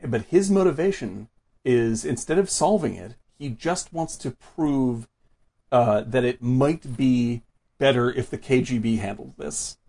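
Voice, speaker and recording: Gravelly, husky man rambling about movies. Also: mid-range voice, darkish tone. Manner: rambling and enthusiastic, heavy on fillers. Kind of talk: casual movie chat.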